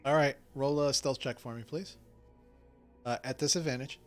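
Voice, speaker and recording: A man's voice: medium pitch, moderate pace, faint music behind. Easygoing man running a tabletop game. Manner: filler-heavy, relaxed storytelling. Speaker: game master.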